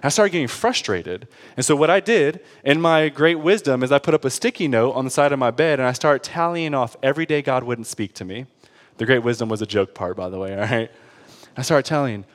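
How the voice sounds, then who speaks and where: Young male pastor, casual animated preaching style. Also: fairly high pitch, a little fast. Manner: conversational, animated, with laughs and frequent "right?". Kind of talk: sermon.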